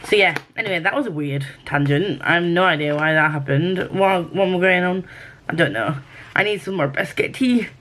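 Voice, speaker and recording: This woman from Yorkshire, England, is under the weather as she rambles through a relaxed book vlog, fixing her words as she goes. She talks briskly in a lowish, somewhat bright voice, with slight background noise.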